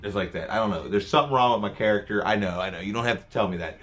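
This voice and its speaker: A man's voice: lowish voice, racing, a bit bright, soft background music. A man vlogging, telling rambling, profane stories about his work as a scare actor. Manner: rambling, profane, self-mocking. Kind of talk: casual storytelling to camera.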